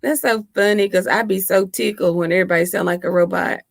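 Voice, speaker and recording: A woman's voice: fairly low pitch, steady tone, quick pace, creaky, dry recording, clean studio sound. A woman hosting a casual livestream, chatting and laughing with viewers and teasing them, speaking into her laptop microphone at home. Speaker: livestream host. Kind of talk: casual live chat with viewers.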